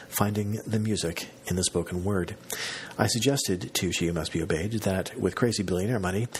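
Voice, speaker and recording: A man's voice: low voice, slight background noise. A man hosting a podcast, telling a long story in a casual, self-mocking monologue. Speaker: podcast host.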